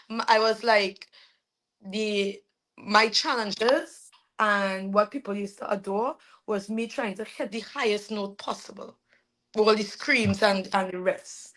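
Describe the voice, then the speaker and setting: A young woman with a Trinidadian accent, telling her life story as a guest in a casual interview, animated and quick to laugh. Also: mid-range voice. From Trinidad and Tobago. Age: young adult. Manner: animated, laughs often, trails off with fillers. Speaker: soca artist guest.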